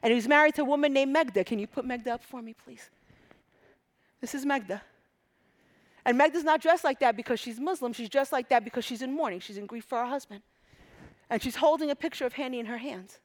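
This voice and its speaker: A woman's voice: high voice, quick pace. Passionate woman preacher from Egypt. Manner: passionate, swinging between hushed whispers and loud emphatic peaks. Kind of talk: sermon.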